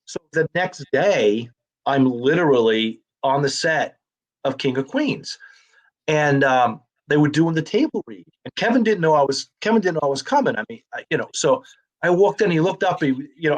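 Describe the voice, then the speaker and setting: A man's voice: a little high, expressive, normal speed. A middle-aged man, a comedian and actor, telling anecdotes in a casual interview and acting out the voices of others.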